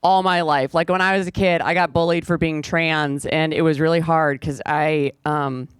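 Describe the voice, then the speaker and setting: A young woman with a low voice performing a stand-up comedy set on a club stage with a handheld mic, dry and self-deprecating. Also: fairly even intonation, normal speed, clear, resonant tone, no echo. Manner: dry, self-deprecating delivery with sudden high-pitched voiced asides.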